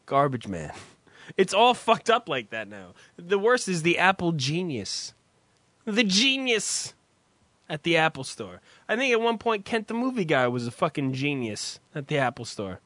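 A man co-hosting a casual comedic chat, swearing freely and getting excited. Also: fairly high pitch, normal speed, no echo. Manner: profane, excitable, laughing.

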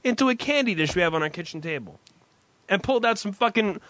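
A man casually telling a profane, animated story on a podcast. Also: sits high, quick pace, dry recording. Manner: profane, animated, self-mocking.

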